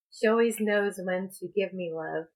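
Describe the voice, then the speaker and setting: A woman speaking as a spiritual coach in a personal vlog, talking in a slow, halting, reflective way. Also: medium pitch, rough recording. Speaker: spiritual coach and tarot reader.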